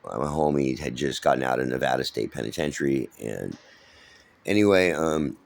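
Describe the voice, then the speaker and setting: A middle-aged man with a very low, gravelly voice tells his own life story in a loose, casual way. He rambles, swears freely and keeps restarting with "uh" and "um." He's from San Francisco. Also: normal speed. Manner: rambling, profane, many fillers and restarts.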